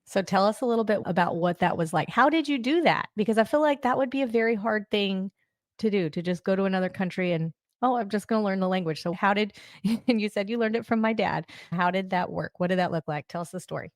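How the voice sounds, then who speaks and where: A woman's voice: medium pitch, fast, no echo, studio quality. A woman in her forties hosting a podcast, asking upbeat questions and prompting her guest to tell stories. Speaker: podcast host. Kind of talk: casual podcast interview.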